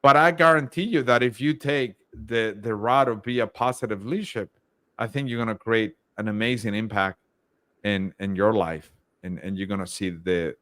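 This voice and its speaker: A man's voice: fairly low pitch, moderate pace, fairly bright tone, no room sound. Upbeat man coaching on leadership. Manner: upbeat, acts out his own thoughts in quotes. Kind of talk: casual interview talk.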